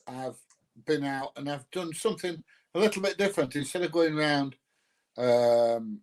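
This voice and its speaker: Rambling South Yorkshire man chatting live. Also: mid-range voice. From North Nottinghamshire, England. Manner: rambling, with many ums and uhs; friendly, greets viewers by name. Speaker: YouTuber greeting live chat. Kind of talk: casual live stream chat.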